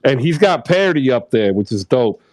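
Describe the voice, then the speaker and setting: A man's voice: medium pitch, very animated, normal speed, darkish tone, no room sound. A man in his thirties hosting a casual online chat, who laughs easily and rambles loosely through an ad read. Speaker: host.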